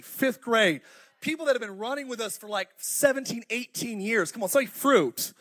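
A high-pitched middle-aged man preaches with fire, urging the congregation on with call-outs. He swings between loud bursts and quiet, close asides, speaking through a stage microphone in a church auditorium. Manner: fiery, animated preaching with crowd call-outs. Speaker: pastor. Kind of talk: sermon.

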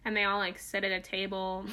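Bright-voiced giggly young woman. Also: medium pitch, flat delivery, normal speed. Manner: giggly, quotes film lines in character. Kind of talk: casual chat.

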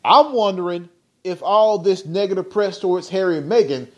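A man's voice: high voice, moderate pace. A man hosting a podcast, ranting bluntly in slangy, profane casual talk with heated rhetorical questions. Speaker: podcast host.

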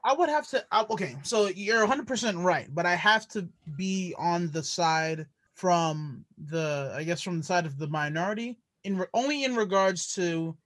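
Male co-host, higher pitch, eager, rambling. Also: expressive, moderate pace, few pauses, fairly bright tone. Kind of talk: casual conversation.

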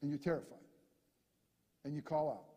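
A man preaching a sermon, telling a scripture story with lively acted-out voices and sudden drops to a hush. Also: fairly high pitch, moderate pace, in a large hall. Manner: animated storyteller, acts out characters, shifts from loud to hushed. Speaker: pastor.

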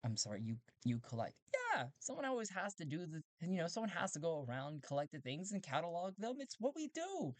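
A strange male robot bubbles over with excitement about collecting and cataloging things, as a man voices it for a solo tabletop game. The voice jumps high and squeaky, rambling on eagerly. The sound is dry and close, with no room echo. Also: a little fast, few pauses. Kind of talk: solo tabletop role-play.

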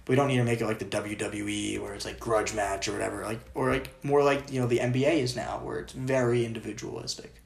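A man's voice: fairly low pitch, fairly even intonation, fast, gravelly, few pauses. A young man from Maryland co-hosting a casual sports chat, rambling with lots of filler words. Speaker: podcast co-host. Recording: roomy echo.

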